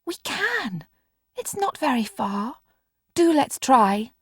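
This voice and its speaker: A woman's voice: high-pitched, very animated, slow, husky, dry recording, clean studio sound, pitched above the performer's own voice, heavily acted. A woman reading an audiobook, voicing an eager, impulsive young girl in a pleading, breathless way.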